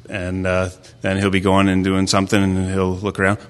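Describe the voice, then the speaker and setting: A man in his thirties giving an informal sermon, talking haltingly with many restarts and fillers. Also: deep voice, monotone. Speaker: preacher sharing a devotional. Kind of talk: informal sermon with family stories.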